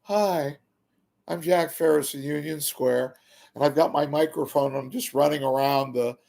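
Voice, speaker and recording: A man impersonating a scattered male street reporter with a gravelly, breathless delivery. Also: a little high, fairly even intonation, unhurried, a little mellow, voice pushed up.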